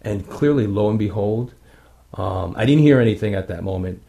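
Low, gravelly male guest; loose, rambling anecdote delivery. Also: moderate pace. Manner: rambling, many fillers, animated retelling. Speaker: guest paranormal investigator. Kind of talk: casual storytelling chat.

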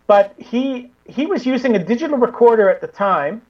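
A woman's voice: a little high, lively intonation, moderate pace. Woman, guest, paranormal investigator, rambling, restarts, muffled lo-fi sound. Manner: rambling, with many restarts and fillers. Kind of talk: casual interview chat.

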